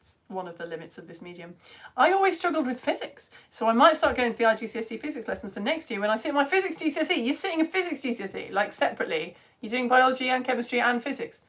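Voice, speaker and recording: Lady chatting to kids on a science stream, kinda high pitched, bubbly, voice a bit tired. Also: quick pace. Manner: animated, reads comments aloud, jumps between loud greetings and quiet asides. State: tired voice at end of term. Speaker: science show presenter. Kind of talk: lively live-stream chat with viewers.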